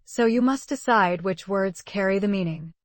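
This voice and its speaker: A woman narrating an English listening lesson in a clear, measured teaching manner. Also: medium pitch, no echo, studio quality.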